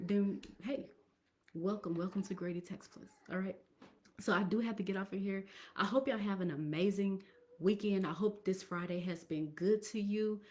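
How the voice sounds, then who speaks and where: A woman chats to her viewers on a live stream. Her voice is low and mellow, with a warm, relaxed tone. She sometimes drops into a near whisper. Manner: chatty, addresses viewers directly, drops into whispers. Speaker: tax professional hosting a live stream. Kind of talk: casual live stream talk.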